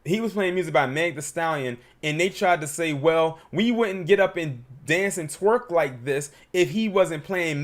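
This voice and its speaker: A man hosting a livestream, giving emphatic, opinionated commentary and reading super chats. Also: fairly high pitch.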